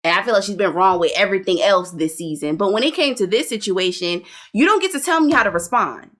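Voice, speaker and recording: A woman co-hosting a show-review chat, blunt and animated, with plenty of slang and cursing. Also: mid-range voice, fast talker. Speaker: podcast co-host reviewing a reality show. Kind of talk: casual opinionated chat.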